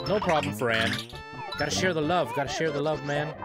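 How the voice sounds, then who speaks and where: Excitable streamer over loud game music. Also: mid-range voice, fairly quick. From Canada. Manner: chatty, excitable, greets chat by name. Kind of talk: live gameplay stream, chatting with viewers.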